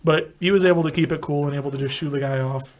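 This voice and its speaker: A man's voice: fairly high pitch, fast talker. A young man on a casual podcast, telling crude prank-call stories with a lot of swearing. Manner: animated, profane prank-call storyteller. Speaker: podcast co-host. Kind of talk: casual chat, storytelling.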